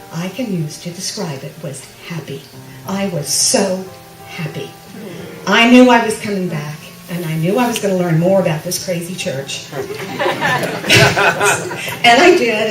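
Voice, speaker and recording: A woman giving a chatty personal testimony to a church congregation, with self-deprecating humor. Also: fairly low pitch. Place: church sanctuary. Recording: echoey room, mic from a distance.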